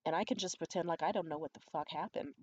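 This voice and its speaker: Low-voiced woman telling a profane storytime. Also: fast talker, husky. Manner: candid, profane, conspiratorial storytelling; acts out quoted voices high and loud. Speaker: vlogger. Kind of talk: storytime vlog.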